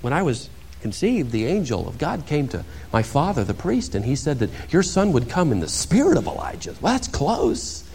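A man acting out a coy, falsely modest male prophet in a hushed, mock-humble voice during a sermon. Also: fairly high pitch, wildly swooping pitch, moderate pace, slight background noise.

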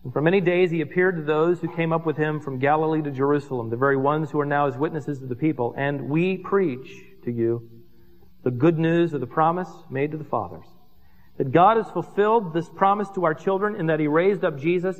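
A pastor preaching a sermon, telling stories with asides and humor. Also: male voice, on the high side, brisk. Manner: animated storytelling with asides and humor. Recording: dull reverberant hall recording.

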